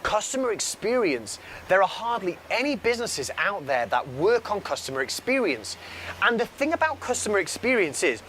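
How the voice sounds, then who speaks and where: A man telling a business story in a casual motivational talk, animated and repeating phrases for emphasis, speaking from a balcony by a road. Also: sits high, slight background noise.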